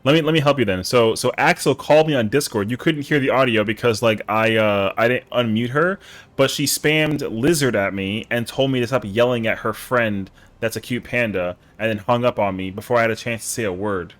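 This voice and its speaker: A man streaming his gameplay live talks a little fast, his mid-range voice slightly bright. The banter is casual and profane, full of jokes and playfully exaggerated indignation.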